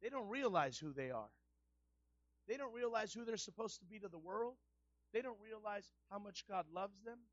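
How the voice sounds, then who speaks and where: A man pastor preaching a sermon in a colloquial style, rising to loud shouted refrains. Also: sits high, lively intonation, normal speed, dry recording, muffled recording.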